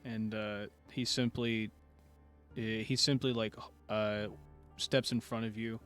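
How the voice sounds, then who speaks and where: Male game master, mid pitch, halting narration, faint music behind. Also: little pitch movement, a bit bright. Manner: hesitant narration with frequent "uh"s.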